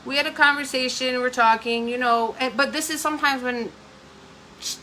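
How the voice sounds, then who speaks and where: A woman's voice: high voice, fairly even intonation, normal speed, pushed and bright, slight background noise. A middle-aged woman host casually telling a candid, emotional story, rambling with many fillers. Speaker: host of a live talk stream.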